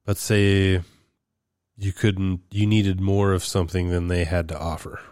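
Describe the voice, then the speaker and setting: A man's voice: low-pitched, little pitch movement, unhurried, darkish tone, clear, resonant tone, no echo, clean studio sound. A man chatting casually as a podcast co-host, pressing and needling to make his point. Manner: persistent, needling, argues a point. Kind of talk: casual chat.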